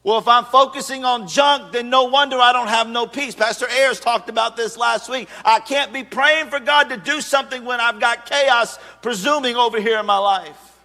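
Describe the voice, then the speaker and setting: Pastor, thirties, male; high and bright, chatty humorous sermon, heard in a reverberant sanctuary. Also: moderate pace. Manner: conversational, humorous preaching with acted asides. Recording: long reverb of a large hall.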